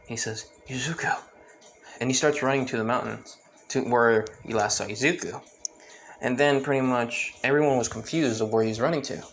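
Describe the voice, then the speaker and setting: A man's voice: mid-range voice, fairly even intonation, brisk, fairly bright tone, slight background noise, rough recording. A man improvising a fan story, rambling with many fillers and restarts.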